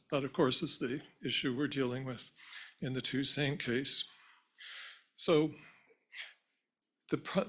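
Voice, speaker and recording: Hoarse man with a gravelly, husky voice. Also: medium pitch, a bit bright. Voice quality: frequent throat-clearing. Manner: measured, earnest, with restarts. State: hoarse, losing voice. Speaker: symposium panelist. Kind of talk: academic panel talk. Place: university lecture hall.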